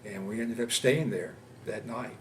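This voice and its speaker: A man in his seventies from Louisiana, recounting his war experiences in an oral history interview, speaking haltingly with many pauses and fillers. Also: lowish voice, a little hiss or hum. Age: 70s. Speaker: veteran interviewee. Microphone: interview camera setup.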